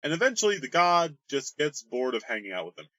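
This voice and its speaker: A man's voice: a little high, big pitch swings, a little fast, sharp tone, dry recording, muffled recording. A man rambling through his tabletop campaign's history in a casual, joking way, with crude humor. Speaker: game master. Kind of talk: casual worldbuilding explainer.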